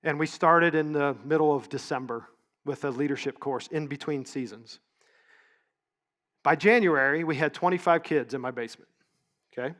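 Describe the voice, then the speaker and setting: Higher-voiced middle-aged man telling stories. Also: normal speed, long pauses, fairly bright tone. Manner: conversational, story-driven, with small self-corrections. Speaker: leadership conference speaker. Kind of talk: storytelling keynote talk. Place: event stage.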